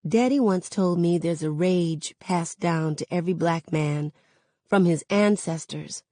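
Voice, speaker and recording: A woman reading a novel aloud in a measured, even narration. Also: fairly low pitch, no echo. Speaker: reader.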